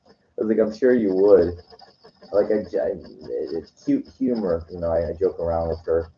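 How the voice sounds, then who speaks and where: A man's voice: sits low, fairly quick, a little hiss or hum. A man talking in a loose, rambling way, full of "you know" and "like" with frequent restarts. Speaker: weekend vlogger. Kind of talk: casual rambling monologue. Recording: dull lo-fi recording.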